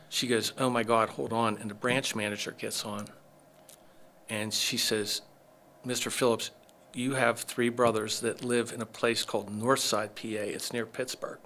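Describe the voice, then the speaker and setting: Bright-voiced man telling a story. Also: medium pitch, normal speed, slight background noise. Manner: animated storyteller acting out quoted dialogue. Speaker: chiropractor, podcast guest. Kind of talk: casual storytelling interview.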